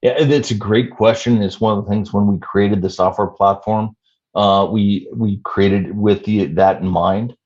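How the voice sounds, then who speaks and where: A man in his fifties, a startup CEO answering interview questions in a measured way with many "you know" fillers. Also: fairly low pitch, steady tone, a little mellow, highs cut off. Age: 50s.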